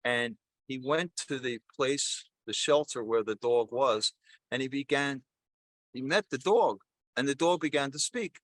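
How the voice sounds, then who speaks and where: An older priest speaks to his congregation in a loose, chatty manner, wandering and correcting himself as he goes. His voice sits at an ordinary pitch. The sound is close and dry. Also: measured pace, a bit bright, no echo. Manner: conversational, rambling, self-correcting. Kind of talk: sermon with jokes and storytelling.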